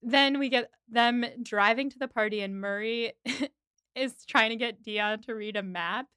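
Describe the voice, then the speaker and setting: A woman's voice: a little high, unhurried, clean tone, no room sound, clean studio sound. A woman co-hosting a podcast, casually recapping a movie scene by scene and acting out the characters' lines. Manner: animated retelling with quoted voices, frequent laughs. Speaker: podcast co-host. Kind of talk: casual chat recapping a film.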